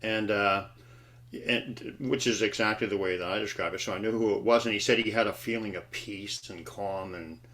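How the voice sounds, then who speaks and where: A man speaking as a panelist in a casual roundtable chat over a video call, halting and restarting his sentences. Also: on the low side, fairly even intonation, a bit bright. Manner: halting, restarts and trailing phrases.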